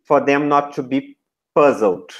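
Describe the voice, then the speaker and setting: A man giving feedback to a trainee teacher, modeling classroom instructions in short, deliberate chunks. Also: medium pitch, dull audio.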